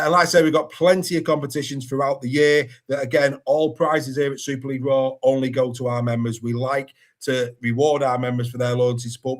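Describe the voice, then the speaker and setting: A man hosting a rugby league podcast, chatty and enthusiastic as he reads through a squad list. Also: medium pitch. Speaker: podcast host. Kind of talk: casual sports podcast chat.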